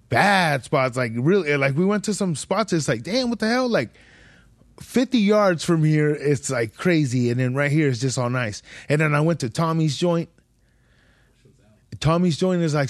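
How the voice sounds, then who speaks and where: A man's voice: a little high, dry recording, studio quality. A young man, hosting a podcast and telling a rambling, slangy, profane travel story in casual chat. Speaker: podcast host.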